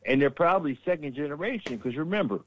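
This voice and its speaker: He talks fast and expressively in a somewhat high voice, co-hosting a casual political podcast. There's plenty of swearing, rambling and stammered restarts, all captured on a dull lo-fi mic.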